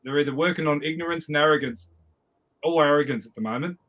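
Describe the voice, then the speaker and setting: Emphatic man, mid-pitched. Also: quick pace, a bit bright, rough recording. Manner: emphatic, agreeing, repeats phrases. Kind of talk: casual livestream chat.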